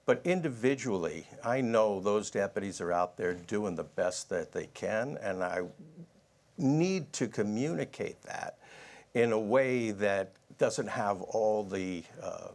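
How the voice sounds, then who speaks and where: A man answering in a political debate, telling a personal story with hesitant pauses and fillers. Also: lowish voice, lively intonation, a little mellow. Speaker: sheriff candidate.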